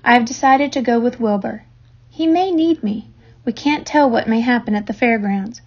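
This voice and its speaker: A woman voicing a calm, wise female spider, heard on a dull lo-fi recording. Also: fairly high pitch. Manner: calm and deliberate.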